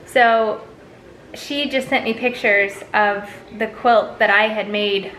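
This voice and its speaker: A woman's voice: medium pitch, fairly even intonation, slow, fairly bright tone, rough recording. A woman in her thirties hosting a casual family vlog, chatty and upbeat. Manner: chatty and upbeat, talks to her toddler and mother. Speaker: vlog host.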